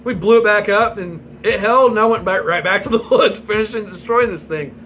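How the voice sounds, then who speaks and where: Bright-voiced man telling a rowdy story. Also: high voice, brisk, slight background noise, poor audio. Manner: rambling, profane, laughs through the story. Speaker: vlogger. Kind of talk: casual storytelling.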